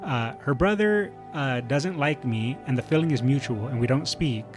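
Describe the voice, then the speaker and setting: A man's voice: mid-range voice, expressive, moderate pace, music in the background. A man streaming, reading online posts aloud and reacting with opinionated, rambling commentary full of fillers and restarts.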